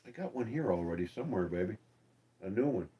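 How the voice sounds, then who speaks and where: A man's voice: lowish voice, lively intonation, quick pace, warm tone. A man hosting a live-stream show, chatting casually and in a friendly way with his viewers and asking them questions.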